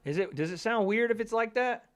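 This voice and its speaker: A livestream host with a high-sitting, clean-toned voice talks fast through a casual watch party. Into his dynamic mic he chats, cracks jokes, and swears as he commentates live.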